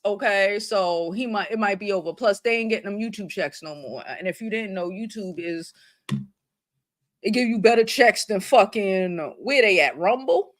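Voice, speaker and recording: A woman hosting a commentary vlog, talking bluntly and profanely with a mocking edge. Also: medium pitch. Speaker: vlog host. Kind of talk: casual commentary.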